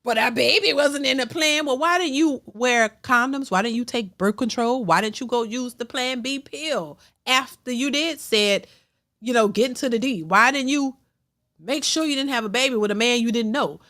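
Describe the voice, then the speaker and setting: A woman hosting her own reaction vlog, talking in an emphatic, blunt rant. Her voice sits high and sounds bright and cutting. She circles back and repeats herself to drive each point home. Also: moderate pace. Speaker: reaction channel host. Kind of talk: ranting commentary.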